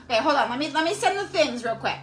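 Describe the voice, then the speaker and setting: Bubbly lady running a craft live stream, super high pitched and really bright, squeals a lot. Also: fast talker, slight background noise. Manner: bubbly and excitable, squeals and laughs often. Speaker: craft livestream host. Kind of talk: casual live-stream chat greeting viewers.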